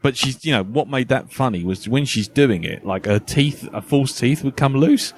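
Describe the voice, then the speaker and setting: A man's voice: mid-range voice, lively intonation, moderate pace, a little hiss or hum. A man hosting a casual podcast chat, rambling and laughing often. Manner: rambling, laughs often, lots of "you know". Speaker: podcast host.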